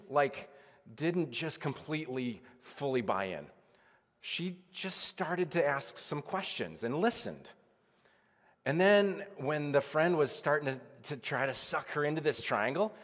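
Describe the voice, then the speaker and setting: A man preaches a relaxed, talky sermon. He peppers it with "like" and plays out little conversations. His voice rings through a church sanctuary with a long echo. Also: on the high side. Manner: casual, chatty preaching with many "like"s and acted-out quotes. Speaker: pastor.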